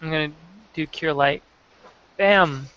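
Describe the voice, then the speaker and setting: A man plays his character at a tabletop game with jokey, laughing quips. His voice sits a little high, and the sound is dull and lo-fi, from away from the mic. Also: fairly even intonation, moderate pace, a bit bright, clean tone. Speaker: player. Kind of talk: casual tabletop game play.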